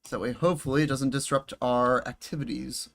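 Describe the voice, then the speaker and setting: Speaking briskly in a mid-range, slightly bright voice with a creaky edge, this man keeps his intonation fairly even. He's live-streaming a game from home through a headset, chatting and joking with viewers and muttering to himself, under bright lights with the air conditioning on.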